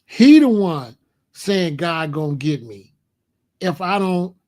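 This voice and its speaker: A man's voice: high-pitched, lively intonation, takes it slowly, a little mellow. A man in his sixties talking casually on a livestream, answering chat in a blunt, emphatic way and often repeating himself. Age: 60s. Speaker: host.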